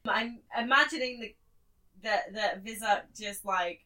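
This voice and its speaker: Bright-voiced giggly woman player. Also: a little high, unhurried. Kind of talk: casual tabletop game chat.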